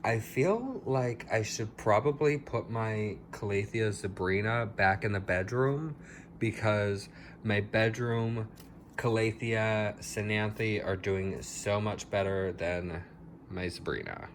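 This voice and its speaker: A man's voice: on the low side, slow, a little hiss or hum. A man chatting casually through a house plant tour in his home, a little dramatic about how his plants are doing. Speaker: plant vlogger.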